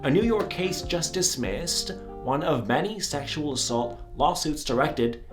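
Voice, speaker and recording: A man's voice: a little high, animated, unhurried, over music. A man playing a sassy, flamboyant male entertainment gossip reporter who teases and giggles as he delivers the news.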